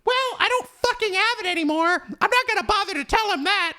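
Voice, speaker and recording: A man putting on a shrill, furious young heroine. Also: expressive, brisk, bright, forceful tone, full character voice. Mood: grumbling. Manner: shrieking, outraged.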